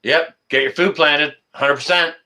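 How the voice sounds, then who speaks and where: A man from Canada hosts a casual live stream, his fairly high voice cutting bright and sharp. He breaks into excited exclamations between stretches filled with "uh"s. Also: unhurried. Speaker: livestream host.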